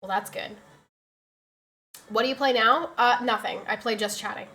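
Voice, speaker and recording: A woman streamer talking casually at her desk mic, her voice bright and a little high. She tells stories in a chatty, exasperated way and answers her chat as she goes. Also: normal speed. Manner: chatty, exasperated storytelling, reads chat aloud.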